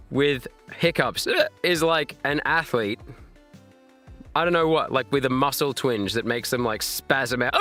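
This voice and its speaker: A man in his thirties talking on a live stream with a lively, swooping delivery and a bright, forceful edge to his voice. He reacts loudly to chat and laughs often while he battles hiccups, and faint music plays behind him. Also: medium pitch. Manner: animated, laughing, reacting to chat with loud exclamations.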